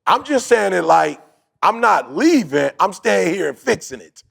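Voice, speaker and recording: Guy with a gravelly voice, kinda high, podcast host chatting and acting out what people said. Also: a little slow. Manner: animated storytelling, acts out quotes, repeats points. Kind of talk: casual motivational talk.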